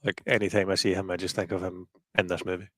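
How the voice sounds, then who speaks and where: A Scottish man with a softened Glasgow accent, chatting casually and rambling with restarts while commenting on a film. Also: low-pitched, little pitch movement, fast, dry recording. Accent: Glaswegian, softened. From Scotland. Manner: rambling, restarts, self-deprecating. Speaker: guest commentator. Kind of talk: casual watch-party chat.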